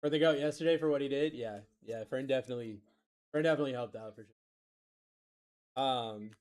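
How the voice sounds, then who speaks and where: A man's voice: mid-range voice, normal speed, a little mellow. A man hosting a live card break stream, reading out player names and answering chat. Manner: rattles off player names, reads chat aloud.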